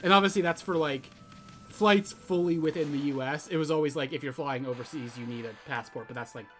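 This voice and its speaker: Male co-op streamer; casual, rambling, teasing, higher-pitched than most men. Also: a little fast, fairly bright tone. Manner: rambling, many "like" fillers, teasing. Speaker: game streamer. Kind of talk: casual co-op let's-play chat.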